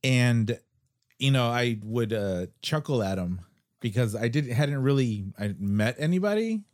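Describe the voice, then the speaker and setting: A man hosting a podcast, chatting casually and telling halting, rambling stories. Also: medium pitch, expressive, darkish tone, no echo, studio quality. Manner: rambling, halting storyteller with restarts. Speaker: podcast host. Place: Seattle.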